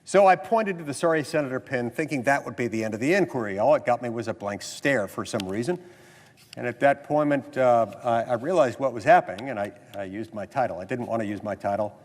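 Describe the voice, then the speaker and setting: American senator speaking in an echoing chamber. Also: male voice, medium pitch, lively intonation, brisk. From United States. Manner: storytelling, mimics others in quotes, then earnest and insistent. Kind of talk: floor speech mixing anecdote and argument. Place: legislative chamber. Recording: long reverb of a large chamber.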